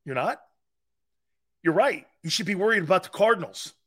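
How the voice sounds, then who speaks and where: A man's voice: high-pitched, moderate pace. A middle-aged man hosting a sports talk show, arguing his takes in an emphatic, opinionated way with little chuckles. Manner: animated, emphatic, argumentative with chuckles.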